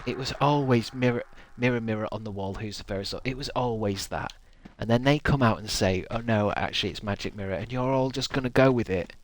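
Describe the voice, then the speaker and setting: A man's voice: mid-range voice, a little fast, few pauses, slight background noise. A man chatting casually while streaming a game, swearing freely and laughing often. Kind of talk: casual gaming stream chat.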